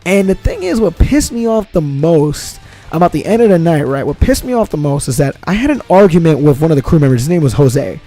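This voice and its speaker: A young man tells a rambling personal story in casual, profane slang, circling back over the same points again and again. His voice sits high yet has a dark, mellow tone. Faint music plays quietly underneath. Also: very animated, a little fast. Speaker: vlogger.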